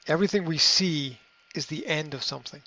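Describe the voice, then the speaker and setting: A middle-aged man hosting a podcast, giving a motivational monologue in a halting way, repeating words and filling pauses with ums. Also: a little high, bright, forceful tone. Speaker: podcast host. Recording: slightly dull lo-fi audio.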